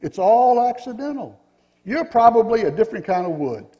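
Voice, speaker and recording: A man voicing a yellow wooden figure who confidently explains everything in a storybook reading. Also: sits high, big pitch swings, moderate pace, in a large hall, dull audio, voice pushed up. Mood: insistent. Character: know-it-all yellow wooden male figure.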